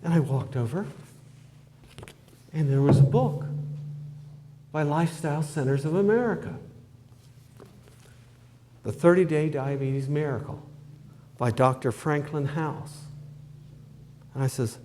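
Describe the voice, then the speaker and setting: Mellow-voiced man telling a folksy story. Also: fairly high pitch, a little slow, pauses often, a little hiss or hum. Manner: homespun, conversational, with fillers and "I says". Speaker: testimony speaker.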